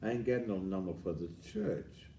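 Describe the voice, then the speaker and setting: A man hosting a ranting commentary show, boisterous and rambling with sudden loud outbursts, heard on a distant mic. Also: deep voice, very animated, normal speed, creaky, echoey room, a little hiss or hum. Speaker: host.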